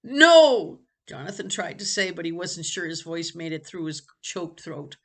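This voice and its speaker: A woman reading a novel aloud to students, pausing to savor phrases and chat about them. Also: lowish voice, gravelly, husky. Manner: expressive, stops to savor phrases. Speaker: reader for students.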